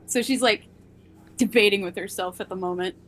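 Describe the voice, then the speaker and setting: Bright giggly woman player. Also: medium pitch, fairly quick, slight background noise. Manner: giggly, lots of "like". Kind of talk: casual tabletop play.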